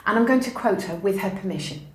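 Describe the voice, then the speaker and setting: A woman's voice: medium pitch, quick pace. A middle-aged woman, a university educator, answering interview questions in an emphatic, encouraging way and telling anecdotes. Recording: echoey room.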